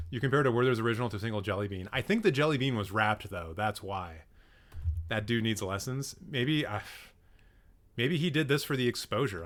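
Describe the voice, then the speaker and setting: A man's voice: medium pitch, fairly bright tone. A young man hosting casual reaction commentary, joking sarcastically and swearing now and then as he reacts to clips. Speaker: film commentary host.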